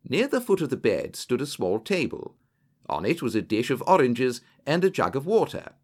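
A man narrates a story in a storytelling manner. His pitch swings widely from line to line, and he gives the people in it voices of their own. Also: normal speed. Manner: lively storytelling with varied character voices. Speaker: audiobook narrator. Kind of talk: scripted narration.

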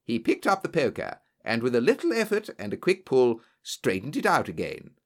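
A man's voice: medium pitch, moderate pace. Man narrating a story very expressively. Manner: expressive, voices characters in dialogue. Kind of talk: audiobook narration.

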